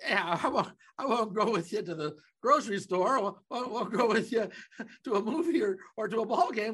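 A man co-hosting a podcast in casual chat. His voice is bright and sharp, and his pitch swings widely. He jokes and teases his friend as they talk. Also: lively intonation, a little fast, breathy edge. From Omaha, Nebraska. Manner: joking, teasing banter. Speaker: podcast co-host.

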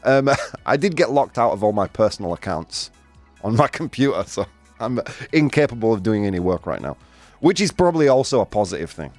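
A male radio host doing live banter, energetic and chatty, laughing often and a bit out of breath. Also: lowish voice, brisk, faint music behind. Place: radio studio.

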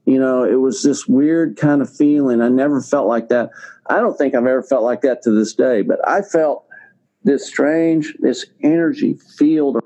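An older man, a guest in an interview, rambles through a personal story, repeating words and leaning on plenty of fillers. His voice is medium-pitched, steady, mellow and moderately paced, captured on a slightly dull lo-fi recording.

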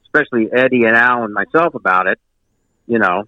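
A man's voice: medium pitch, animated, fairly quick, pushed and bright, no echo, lo-fi sound. A man guesting on a radio show, rambling with many restarts. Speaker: bassist guest. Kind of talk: casual interview chat.

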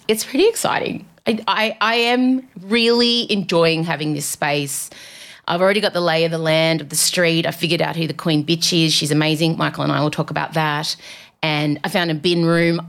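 A woman with a low, creaky voice hosts a podcast from a studio. In a chatty, comedic monologue, she tells casual, self-mocking stories.

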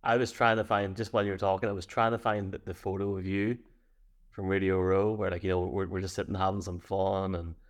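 An Irish man with a fairly low voice, co-hosting a laid-back chat show. He reads out listener messages and tells loose stories, laughing easily along the way. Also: little pitch movement, a little fast. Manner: chatty, laughs easily while telling stories. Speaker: co-host reading listener messages. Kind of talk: casual chat.

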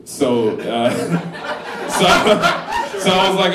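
A man's voice: fairly high pitch, animated, normal speed, fairly bright tone, slight background noise. A man in his thirties telling a crude comic story to a live crowd, loose and profane, often laughing. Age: 30s. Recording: roomy live room, voice from a distance.

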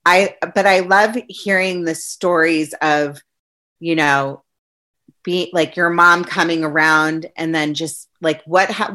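A woman hosting a casual interview, asking loose, halting questions full of fillers. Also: on the low side, bright, forceful tone.

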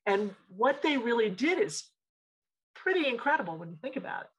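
A woman who owns a design studio, telling stories in a frank, animated, emphatic way in a casual interview. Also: on the high side, fairly quick, breathy edge, rough recording.

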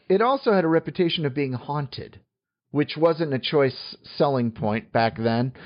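A man co-hosting a casual podcast chat, halting through many fillers and tossing in joking asides. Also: medium pitch, highs cut off. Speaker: podcast co-host.

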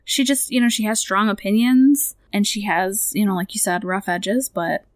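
A woman's voice: medium pitch, fairly even intonation, normal speed, no echo, studio quality. A woman chatting casually, agreeable, hedging her points with fillers. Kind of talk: casual chat.

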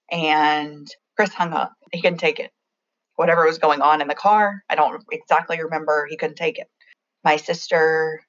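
A young woman telling a personal story in a halting, reflective way, often restarting her sentences. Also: low-pitched, lo-fi sound.

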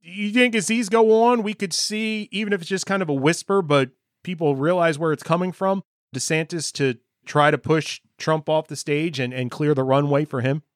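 A man's voice: a little high, fairly even intonation, normal speed, no room sound, studio quality. A man hosting an interview, asking direct conversational questions and adding his own commentary. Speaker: host.

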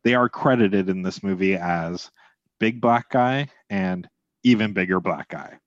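A man co-hosting a casual movie podcast, relaxed and matter-of-fact. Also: deep voice, unhurried, dry recording, muffled recording. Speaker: podcast co-host.

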